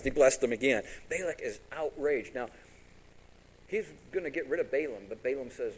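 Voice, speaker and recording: A man with a mid-range, slightly breathy voice preaches at a moderate pace, recorded on poor audio. He brings a story to life with animation, performing each character's lines in voices and questioning the congregation.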